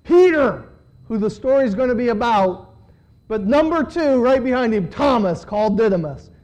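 A man delivers a sermon in a strikingly high voice. He reads scripture aloud, pausing to comment, and his delivery rises and swells on the emphatic lines. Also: animated, darkish tone, rough recording. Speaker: preacher.

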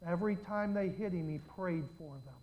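A man's voice: sits high, moderate pace, lo-fi sound. An older man preaching a sermon, telling dramatic stories and putting questions straight to his congregation.

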